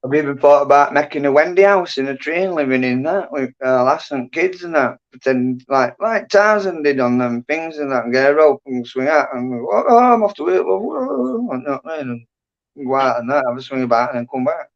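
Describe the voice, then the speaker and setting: A man's voice: medium pitch, fairly quick. A man, chatting casually and rambling on a livestream, often trailing off into mumbles. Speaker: livestream host. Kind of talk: casual chat. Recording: dull lo-fi stream audio.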